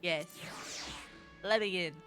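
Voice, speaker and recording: A woman's voice: lowish voice, slow, a bit bright. A woman streamer chatting casually while playing a game, laughing at herself and greeting viewers. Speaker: VTuber streamer. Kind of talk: casual gameplay commentary. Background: faint game music.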